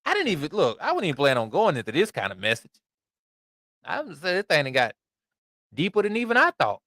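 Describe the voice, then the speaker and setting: Lively, animated man preaching. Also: a little high, brisk, no room sound, studio quality. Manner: animated, conversational preaching with asides. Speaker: podcast host and Bible teacher. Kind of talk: reading scripture and preaching.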